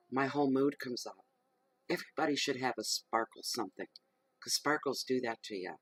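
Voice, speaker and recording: A man gives a tarot reading to camera at home in the evening. He talks in a chatty, rambling way and slips into soft, murmured invocations. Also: medium pitch, a little fast, dry recording, poor audio. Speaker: tarot reader. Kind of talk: casual chat to camera during a tarot reading. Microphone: camera microphone.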